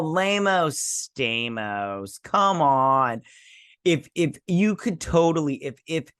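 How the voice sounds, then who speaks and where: A man hosting a casual episode recap, rambling, with loose asides and quick mock quotes of the characters. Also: medium pitch, fairly bright tone, no echo, clean studio sound. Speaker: host.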